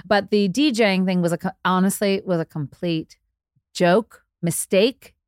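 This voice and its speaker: A woman, a DJ telling candid, self-deprecating stories as an interview guest and jumping her pitch to act out quotes. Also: unhurried, dry recording, studio quality. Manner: chatty, self-deprecating, acts out quotes with big pitch jumps.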